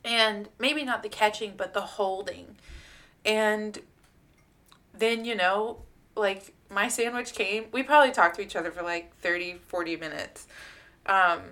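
A woman's voice: medium pitch, measured pace, bright, forceful tone. A woman co-hosting a podcast, telling a personal story in a casual, heartfelt way with many fillers and some swearing. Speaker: podcast co-host.

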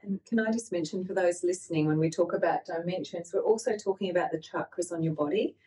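A woman's voice: fairly low pitch, fast, mellow, recorded from a distance, slight background noise, low-quality recording. A woman co-hosting a spiritual podcast, explaining things step by step for listeners. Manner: explanatory, adds points for listeners. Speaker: podcast co-host.

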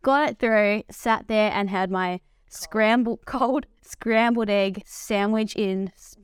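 A woman's voice: mid-range voice, takes it slowly, smooth, no echo. A woman co-hosting a podcast, chatting casually and laughing easily as she recounts travel mishaps. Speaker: podcast co-host. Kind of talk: casual chat.

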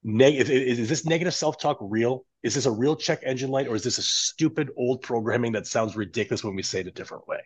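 A man speaks as a coach in a podcast conversation, walking his listeners through an exercise with lively, instructive energy. His voice sits in an ordinary middle register for a man. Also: mid-range voice, quick pace, few pauses, husky.

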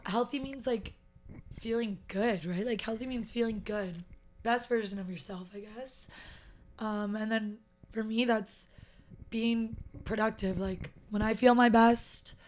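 A woman with a raspy voice, a fitness instructor being interviewed, talking casually with lots of fillers and easy laughter in an indoor meditation space. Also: fairly high pitch. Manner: rambling, filler-heavy, laughs easily.

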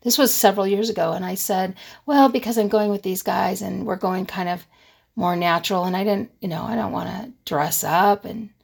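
A woman's voice: medium pitch, moderate pace, vocal fry, breathy edge. An older woman talking earnestly and emphatically about not apologizing, telling personal stories as a vlogger. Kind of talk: personal advice talk.

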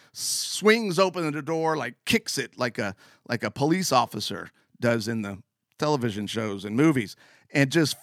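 A man hosting a show, telling a funny personal story in an animated way, often laughing as he talks. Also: a little high, no echo, studio quality. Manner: animated, laughs mid-sentence. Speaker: show host. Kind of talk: comic storytelling monologue.

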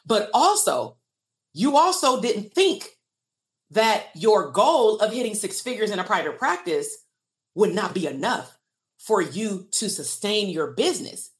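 A woman's voice: mid-range voice, big pitch swings, measured pace. A woman in her thirties speaks in a mid-range voice, live-streaming to her viewers as a therapist and business coach. She talks candidly and with feeling, often breaking off to ask the audience to comment.

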